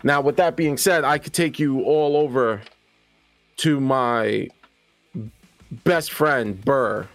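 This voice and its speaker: A man's voice: medium pitch, slow pace, pauses often, dry recording. A man voicing Cade, a friendly hard-drinking wasteland townsman who rambles and reassures, over faint music.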